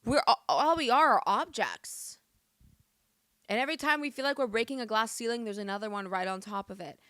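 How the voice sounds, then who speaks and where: A woman's voice: on the high side, lively intonation, a little fast, fairly bright tone, no room sound, clean studio sound. A young woman vlogging her opinions in a casual, emphatic chat, full of restarts and swearing.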